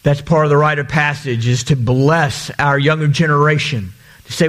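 A man's voice: fairly high pitch, moderate pace, fairly bright tone. A man preaching a sermon as pastor, earnest and repeating phrases for emphasis.

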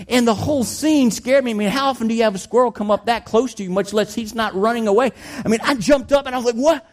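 A pastor telling a personal story in his sermon, animated and conversational, his voice climbing high when the story gets exciting. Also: fast talker. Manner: plain, conversational preaching with restarts.

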